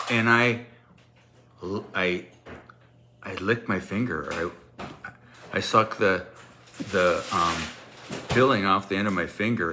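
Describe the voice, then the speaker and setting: Bright-voiced man telling a wild story. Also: medium pitch. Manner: animated, laughing often, acting out the kids' voices. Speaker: teacher. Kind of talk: casual anecdote telling.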